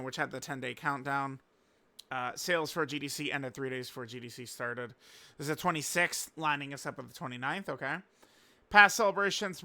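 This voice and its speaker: A man's voice: a little high, bright, forceful tone. A young man casually commenting on mobile game news, rambling with lots of fillers and slang.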